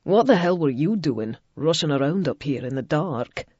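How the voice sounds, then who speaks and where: A woman voicing a gruff, blunt and irritable grown man. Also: deep voice, expressive, moderate pace, darkish tone, no echo, lo-fi sound.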